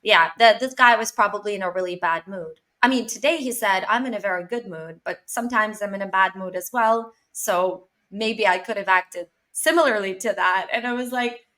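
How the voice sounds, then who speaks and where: Young woman from Canada, podcast host, lively anecdotal delivery, mid-pitched voice, filler-heavy. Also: moderate pace, few pauses. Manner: animated storytelling with frequent fillers and laughs. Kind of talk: casual interview chat.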